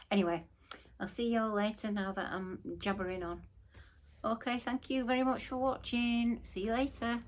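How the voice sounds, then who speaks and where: A woman's voice: fairly high pitch, fairly even intonation, normal speed, pauses often. Chatty woman rambling on. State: tired, yawning. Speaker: crafting vlogger. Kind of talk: casual chatty vlog.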